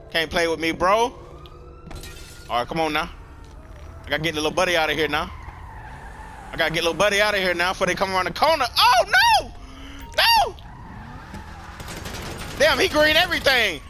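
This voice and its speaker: A man's voice: on the high side, heavy background noise. A young man giving live gameplay commentary, slangy and trash-talking other players. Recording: loud game sounds under the voice.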